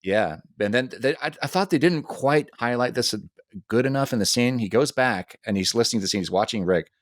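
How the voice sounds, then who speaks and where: A man co-hosting a podcast, retelling TV scenes in a fast, animated way with many restarts. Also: medium pitch, no echo. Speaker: podcast co-host. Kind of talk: casual TV discussion.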